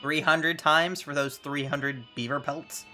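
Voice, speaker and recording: Woman streamer, casual gameplay chat, giggly, rambling, bright voice. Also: low voice, steady tone, measured pace, faint music behind.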